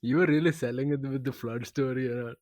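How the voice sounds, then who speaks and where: Brief: young male co-host, relaxed and giggly, mid pitch, dry close sound. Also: fast, dry recording. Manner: easygoing, laughs a lot, short replies. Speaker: podcast co-host. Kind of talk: casual chat.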